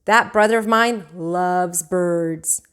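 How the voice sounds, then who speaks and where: A woman teacher reading a children's book aloud, with expressive, animated storytelling. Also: lowish voice, takes it slowly, smooth.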